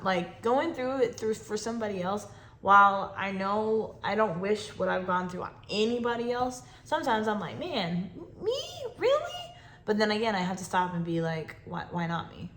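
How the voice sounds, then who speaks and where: A woman's voice: mid-range voice, normal speed, a bit bright. A woman hosting a faith podcast, talking about personal pain, reflective and close to tears at times. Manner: emotional, fighting tears, reflective. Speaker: podcast host. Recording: echoey room with faint noise.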